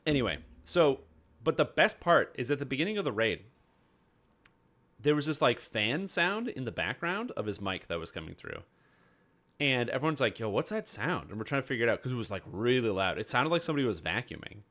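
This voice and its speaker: A man's voice: mid-range voice, very animated, fairly quick, fairly bright tone. A man chatting casually on his game stream, telling a rambling story full of fillers.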